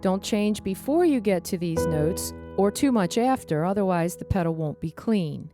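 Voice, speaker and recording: A woman's voice: medium pitch, lively intonation, normal speed. A woman piano teacher giving a lesson, counting and calling out pedal cues. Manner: counts and calls out pedal cues over her playing. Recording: piano music under voice. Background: piano playing.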